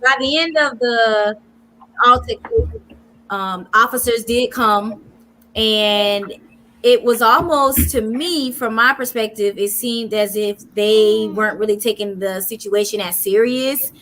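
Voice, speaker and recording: Woman retelling a story on a podcast. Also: a little high. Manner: animated storytelling, drawn-out retelling. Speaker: podcast co-host. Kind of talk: casual chat.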